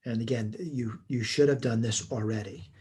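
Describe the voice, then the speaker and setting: A man's voice: mid-range voice, fairly even intonation, moderate pace, dark tone, breathy edge. A man teaching a recorded math lesson, working through homework problems step by step in a plain, methodical way. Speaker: math instructor. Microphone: computer mic while writing on a tablet.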